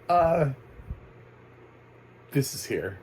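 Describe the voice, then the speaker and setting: A man's voice: medium pitch, very animated, very slow, darkish tone, a little hiss or hum, rough recording. A man giving a casual, rambling video review of a documentary, full of fillers, restarts and chuckles. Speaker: movie reviewer.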